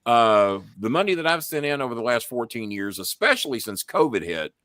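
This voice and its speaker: A man's voice: mid-range voice, very animated, fairly quick, fairly bright tone, no echo, clean studio sound. A middle-aged man, hosting a casual show and telling blunt stories full of swearing. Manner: blunt, heavy swearing, storytelling. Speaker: show host. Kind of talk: casual live-show chat.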